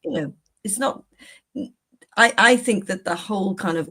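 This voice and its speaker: A woman's voice: on the low side, normal speed, a bit bright. Chatty woman politician on radio. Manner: chatty, emphatic, many restarts. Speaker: politician guest. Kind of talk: breakfast radio interview.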